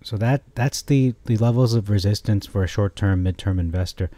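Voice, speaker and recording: A man giving a casual, rambling stock chart analysis, often correcting himself and getting excited. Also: on the low side, normal speed, no room sound. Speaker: stock market commentator.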